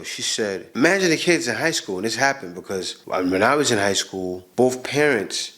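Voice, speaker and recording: A man's voice: medium pitch, a bit bright. A man hosting a channel, reacting to clips in casual, emphatic commentary and often repeating himself.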